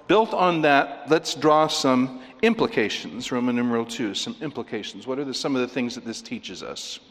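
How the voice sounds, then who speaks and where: A man preaching a sermon, emphatic and animated, leaping up in pitch to stress his points. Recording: long hall reverb.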